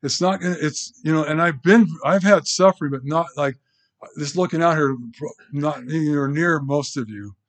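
A man preaching a sermon as pastor, in a conversational, halting way with restarts and asides, in a church. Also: a little high.

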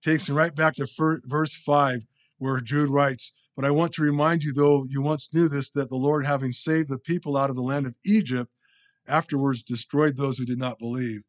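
A man's voice: medium pitch, steady tone, normal speed. A man preaching a casual, conversational Bible-study sermon, self-deprecating and often restarting his sentences. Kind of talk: sermon teaching.

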